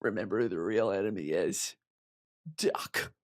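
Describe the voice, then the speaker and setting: A woman doing a quick impression of a young male hero, giving a low, clipped warning. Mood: urgent.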